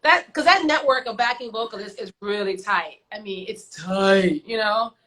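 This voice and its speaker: A woman guest on an online show, telling her stories in a lively, chatty way. She acts out the voices of the people in them and drops in slangy asides. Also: mid-range voice, normal speed, rough recording. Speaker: guest singer. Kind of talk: casual storytelling. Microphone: video call.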